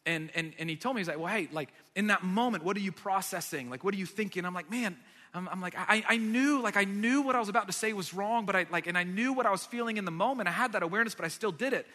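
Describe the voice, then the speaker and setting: A man preaching a sermon as pastor, emphatic and energetic, building to loud declarations. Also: high-pitched, fast talker, big-room sound. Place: church sanctuary.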